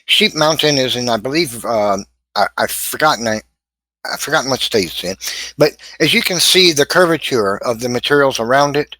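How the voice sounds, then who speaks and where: A man's voice: mid-range voice, expressive, moderate pace, sharp tone, no echo, low-quality recording. Assertive man arguing in a debate. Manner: assertive, explains with slides. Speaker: young earth creationist debater. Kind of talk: online debate argument. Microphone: video call audio.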